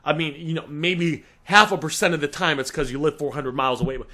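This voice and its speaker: A man's voice: a little high, steady tone, fast, bright, forceful tone. A young man coaching listeners on a sales script, direct and emphatic, repeatedly calling them guys.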